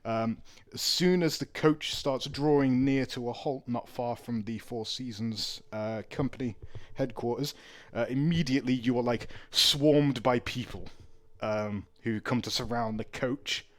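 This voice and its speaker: Male game master, mid-pitched, loose chatty narration with frequent laughs. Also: measured pace, few pauses. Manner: laughs often, loose with fillers.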